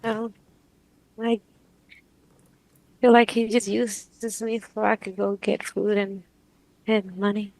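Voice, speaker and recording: A woman client under hypnosis describing what she sees in a hesitant, halting way, full of pauses. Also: mid-range voice, flat delivery, darkish tone, no echo, rough recording. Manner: hesitant, halting, dreamy speech with pauses and restarts.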